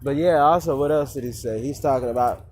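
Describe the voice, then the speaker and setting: A man's voice: medium pitch, brisk, darkish tone, a little hiss or hum. A man venting in a casual vlog, rambling and swearing, with many fillers and restarts. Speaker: vlogger.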